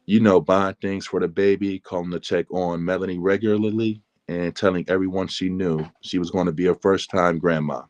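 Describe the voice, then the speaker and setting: A man reads aloud from his own memoir in a calm, measured way. His voice is very deep. The recording is dry and close, with no room sound. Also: no echo. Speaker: author reading his book. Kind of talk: memoir reading.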